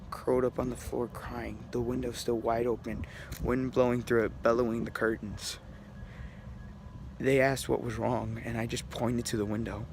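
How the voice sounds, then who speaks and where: A young man recounting a spooky personal story at home, speaking low and hushed into a handheld camera. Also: slight background noise. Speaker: vlogger. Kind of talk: first-person scary story telling. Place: at home, indoors.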